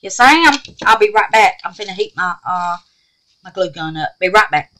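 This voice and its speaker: A woman's voice: mid-range voice, moderate pace, rough recording. A woman hosting a chatty craft tutorial at home, exclamatory and affectionate with viewers. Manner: animated and exclamatory, calls viewers babies.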